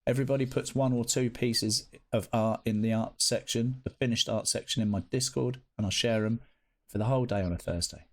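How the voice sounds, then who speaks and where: A man's voice: medium pitch, steady tone, brisk. A man, live streaming and chatting casually with his viewers, greeting them by name and swearing freely. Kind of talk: casual chat reading live chat.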